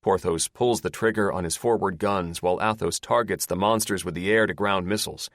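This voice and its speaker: A man's voice: low voice, fairly even intonation, fairly quick, a bit bright, dry recording, studio quality. A man narrating an action-heavy audiobook in a dramatic, scripted style.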